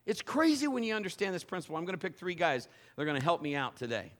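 A man preaches from a church platform in a playful, teasing way, spinning an animated story for his congregation. His voice sits a little higher than most men's. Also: quick pace. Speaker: pastor. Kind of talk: sermon with a live demonstration. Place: church stage before a congregation.

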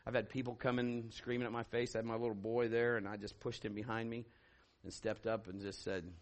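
A man preaching a sermon, swinging from loud shouted declarations to low hushed storytelling. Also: flat delivery, fairly quick. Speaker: pastor.

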